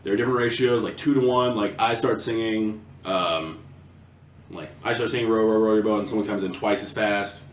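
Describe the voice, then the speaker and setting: Young man, podcast co-host, halting with fillers, swears, distant from mic, echoey room. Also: on the low side, fairly even intonation. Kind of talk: casual chat.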